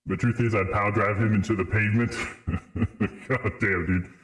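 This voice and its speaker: A man's voice: fairly low pitch, steady tone, moderate pace, a bit bright. A man streaming a game live, bantering playfully with chat and laughing often. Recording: roomy echo with music behind.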